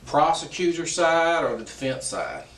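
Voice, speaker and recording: Male southern-accented detective, calm interview questions; distant mic, echoey room, light hiss. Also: a little high, moderate pace. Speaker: police detective. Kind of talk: police interview.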